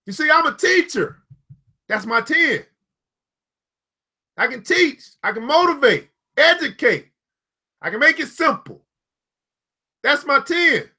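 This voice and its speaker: A man's voice: very high-pitched, big pitch swings, slow, pauses often, pushed and bright. A man giving a motivational live talk to viewers, preachy and repetitive, calling out people by name and chuckling at his own jokes.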